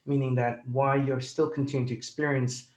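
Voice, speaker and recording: A man's voice: medium pitch, flat delivery, darkish tone. A pain psychologist explaining his approach in conversation, hesitant and full of fillers and restarts. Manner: halting, many fillers and restarts. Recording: dull lo-fi audio.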